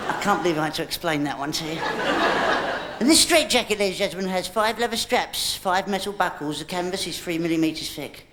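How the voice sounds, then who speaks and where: Cheeky guy comedian doing stand-up, voice all over the place, goes squeaky, heavy tape hiss. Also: animated, fast. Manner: cheeky, teasing banter full of innuendo, squeaky shrieking rises. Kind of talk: live stand-up with an audience volunteer. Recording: loud hiss on an old VHS tape recording.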